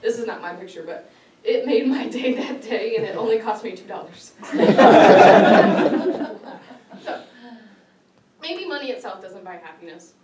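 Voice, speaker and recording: A woman's voice: fairly high pitch, expressive, a little slow, long pauses, heavy background noise. Woman, lighthearted prepared speech, laughs a lot; distant mic in an echoey hall, audience audible. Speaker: club speaker.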